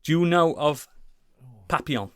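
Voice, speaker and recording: A man chatting casually as a podcast co-host, rambling and enthusiastic, swearing often and filling pauses with ums and likes. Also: a little high, clean tone, no room sound, studio quality. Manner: rambling, enthusiastic, swears a lot, many fillers. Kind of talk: casual chat.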